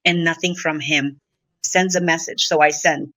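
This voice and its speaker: A woman's voice: deep voice, steady tone, normal speed, fairly bright tone, no room sound, poor audio. Emotional middle-aged woman telling her story. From Brazil. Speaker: interview guest. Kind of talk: confessional interview talk.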